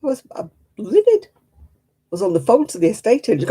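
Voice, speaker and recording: A woman's voice: mid-range voice, wildly swooping pitch, moderate pace, mellow, husky. A woman hosting a crafting live stream, chatting casually with viewers in a self-mocking way and laughing often. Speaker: craft livestream host.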